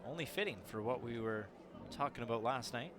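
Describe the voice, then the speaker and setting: A man's voice: mid-range voice, brisk. A man doing casual, bantering baseball commentary on a ballgame broadcast, laughing often with his partner. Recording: clear crowd noise behind. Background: crowd noise.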